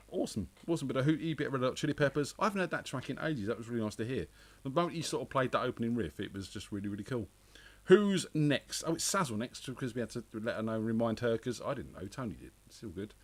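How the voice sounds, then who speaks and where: A man hosting a radio show in relaxed chat, laughing often. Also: mid-range voice, fast. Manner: laid-back, laughs often. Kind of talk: casual chat.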